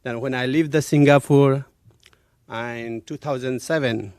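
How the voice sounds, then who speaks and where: A man from Nepal speaks with a Nepali accent as he tells a personal story on stage. His phrasing is simple and halting. The sound is dry and close. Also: mid-range voice, fairly even intonation, a little mellow, smooth, no echo. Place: theater stage.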